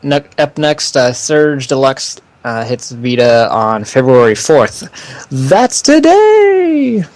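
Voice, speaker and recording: A man's voice: mid-range voice, steady tone, unhurried, hardly any pauses. A young man co-hosting a casual podcast, laughing often and stumbling through the news he reads. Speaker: podcast co-host.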